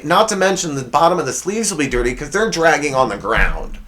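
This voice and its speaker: Animated comedic male podcast host. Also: fairly high pitch, a little fast, hardly any pauses. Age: 40s. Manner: swings between loud mock-outrage and quiet sincerity. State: out of breath. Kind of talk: comedic roast monologue.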